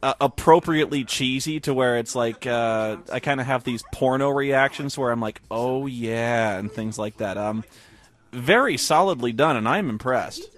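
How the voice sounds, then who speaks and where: A man's voice: medium pitch, normal speed. A man giving a casual commentary track on his own video, rambling and chatty and laughing in the middle of sentences. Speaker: video creator recording commentary.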